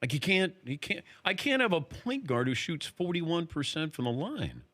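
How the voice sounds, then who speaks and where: A man interviewing a guest in a casual chat, firing quick, probing questions and laughing easily. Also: fairly high pitch, very animated, a bit bright.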